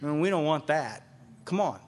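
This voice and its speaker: A man addresses a live meeting, his voice sitting fairly high for a man. He talks with emphatic force and circles back on his phrases to drive them home. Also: expressive, normal speed. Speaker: recovery group speaker and sponsor. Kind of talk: speaking to a live meeting audience. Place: meeting room with a live audience.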